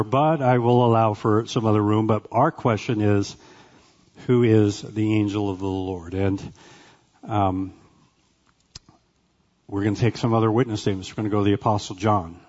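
Male Bible teacher, lowish voice, chatty delivery with frequent check-ins, slightly muffled recording. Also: darkish tone. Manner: conversational, often checks in with "right?" and "okay?"; pauses with "uh" between phrases.

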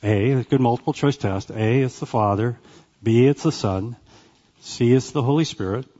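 A man teaching a Bible class in a conversational way, often checking in with "right?" and "okay?" and pausing with "uh" between phrases. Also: mid-range voice, warm tone, dull audio.

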